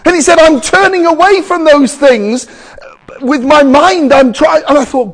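A man preaching a sermon to a congregation, emphatic, with loud exclamations and quiet asides. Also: very high voice, very animated, normal speed.

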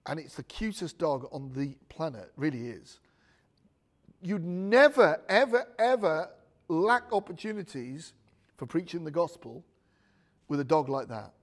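Guy preaching, high voice, jokey rambly asides. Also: very animated, measured pace. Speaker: pastor. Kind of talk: sermon.

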